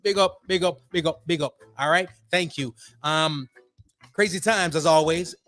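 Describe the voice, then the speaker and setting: A man hosting a radio show from home, giving lively slang-filled shout-outs and slipping into patois for fun, a little under the weather. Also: fairly high pitch, normal speed. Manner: slips into Caribbean-style patois for fun. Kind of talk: energetic radio DJ chat. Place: at home, remote broadcast.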